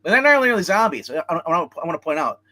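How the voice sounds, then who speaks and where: A man's voice: a little high, big pitch swings, very fast, bright, forceful tone. A man co-hosting a casual film review chat, rambling as he retells scenes and acts out quotes. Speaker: movie review show co-host.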